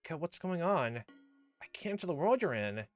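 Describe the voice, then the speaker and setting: A man voicing a gentle girl spirit in a game playthrough, speaking softly and calmly as she calls out. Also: on the high side, fairly quick, soft background music, pitched above the performer's own voice. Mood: calm urgency. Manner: soft, calm and pleading. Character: gentle faint girl spirit calling from afar.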